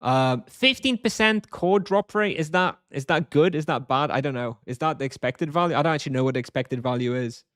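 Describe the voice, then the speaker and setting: A man's voice: fairly high pitch, brisk, hardly any pauses, fairly bright tone, no room sound, studio quality. A man streaming a game live, chatting casually and answering viewers at length. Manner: rambling, reads chat aloud and answers.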